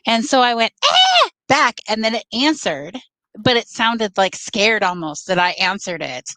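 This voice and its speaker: A woman from the American Midwest, a guest on a talk show, telling a story in lively fashion and acting out the sounds. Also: mid-range voice, normal speed, dry recording, poor audio. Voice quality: animated, acts out sounds and quotes. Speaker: guest, Bigfoot researcher.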